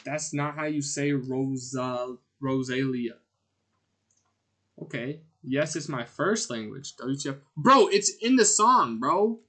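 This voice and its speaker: A man streaming a game, chatting casually and rambling in a jokey way, with sudden loud outbursts as he answers his chat. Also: fairly high pitch, expressive, measured pace, hardly any pauses. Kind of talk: casual gameplay commentary.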